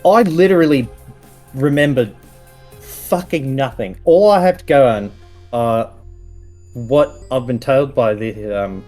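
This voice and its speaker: A man's voice: mid-range voice, a little slow, pauses often, warm tone, faint music behind, natural voice. A man voicing a dazed, battered young man who has just woken up, groggy and rattled, swearing as he talks.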